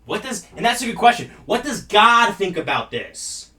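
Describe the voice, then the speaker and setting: A man's voice: sits high, sing-song, moderate pace, pushed and bright, distant mic. A man hosting a political talk show, ranting in a heated, profane, mocking way. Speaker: show host.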